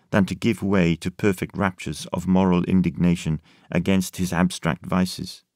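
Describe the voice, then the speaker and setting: Male audiobook narrator, deep voice, deliberate scripted delivery, dry close sound. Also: darkish tone, no echo. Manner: measured, deliberate reading.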